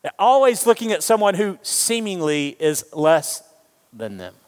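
A man preaching a sermon, animated and joking with the congregation. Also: high voice, unhurried. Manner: animated, jokes with the congregation, acts out quoted voices. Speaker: pastor. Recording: long reverb of a large hall.

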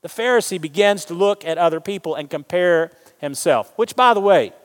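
Man, pastor, lively sermon, fairly high voice, long church reverb. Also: moderate pace. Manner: animated, jokes with the congregation, acts out quoted voices. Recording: long reverb of a large hall.

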